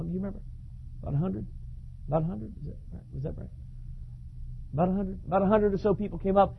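A man preaching a sermon, telling a story in an animated way and often repeating words. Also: a little high, slightly rough. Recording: dull lo-fi recording.

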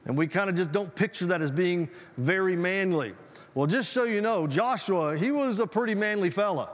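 Folksy preacher in a reverberant hall. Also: male voice, high voice. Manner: folksy, conversational preaching with audience call-outs. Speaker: pastor. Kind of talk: sermon.

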